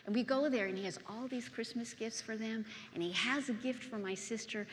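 Middle-aged woman preacher, heartfelt testimony, a touch high-pitched, long church reverb. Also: fairly quick, slight background noise. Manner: emotional storytelling, swinging from hushed to loud and excited. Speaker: pastor's wife and preacher. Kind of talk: personal testimony sermon.

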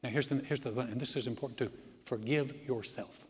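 A man's voice: medium pitch, fairly even intonation, brisk, slightly rough, long reverb tail. A man preaching a sermon as pastor, folksy and direct as he tells a story.

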